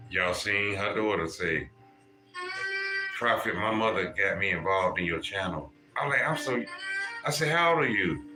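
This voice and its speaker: A man hosting a casual livestream and giving spiritual readings. He talks straight to his viewers in an animated, profane way. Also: lowish voice. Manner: animated, profane, addresses chat viewers directly. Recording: echoey room with music playing. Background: music.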